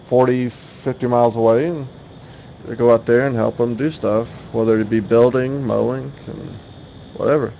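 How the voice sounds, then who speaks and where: A man's voice: medium pitch, fairly even intonation, normal speed, creaky, mellow, highs cut off, a little hiss or hum. A young man from the US South, a race broadcaster calling an online sim race in a chatty way and laughing often. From Oklahoma, US South. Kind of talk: sim racing commentary.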